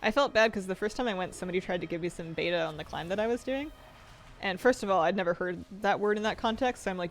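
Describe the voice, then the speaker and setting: A woman's voice: medium pitch, quick pace, slight background noise. A young woman streaming a game, chatting playfully and rambling with self-deprecating jokes and frequent laughs. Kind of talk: casual stream chat.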